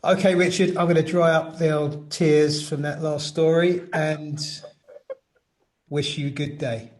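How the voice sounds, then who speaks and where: A man hosting an interview, giving short, warm replies and closing the conversation politely. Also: a little high, steady tone, measured pace. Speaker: podcast host.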